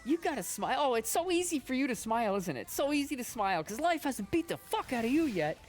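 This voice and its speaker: A woman imitating a ranting male stand-up comic, shrill and mocking, swearing as she shouts. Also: sing-song, fast.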